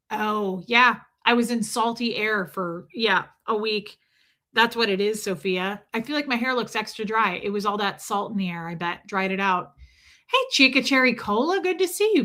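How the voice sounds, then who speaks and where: A woman's voice: medium pitch, bright, forceful tone. A middle-aged woman hosting a casual livestream, chatting with opinions and greeting viewers by name as she reads their comments. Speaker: livestream host.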